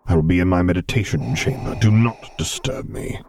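A man's voice: deep voice, expressive, fairly quick, gravelly, a little mellow, slight background noise. A man voicing a menacing, stern middle-aged Sith lord who speaks in clipped, formal commands.

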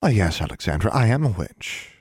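A man voicing a stern, icy older female witch inquisitor, calm and clipped, in a dry, close recording. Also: on the low side, brisk, husky, no room sound, heavily acted. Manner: cold, clipped, calmly threatening. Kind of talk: audiobook character reading.

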